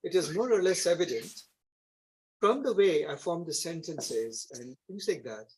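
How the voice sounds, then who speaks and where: A man's voice: a little high, lively intonation, moderate pace, darkish tone, slightly rough, poor audio. A man from India with an Indian accent, lecturing a class in an explanatory way and often checking in with tag questions. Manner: explanatory, frequent tag questions like "isn't it?" and "right?". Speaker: instructor.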